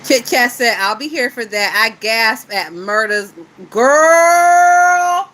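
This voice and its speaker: A woman's voice: on the high side, normal speed, bright, forceful tone, poor audio. A woman hosting a casual gossip chat about a TV show, blunt and full of profanity, laughing often. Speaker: YouTube gossip host.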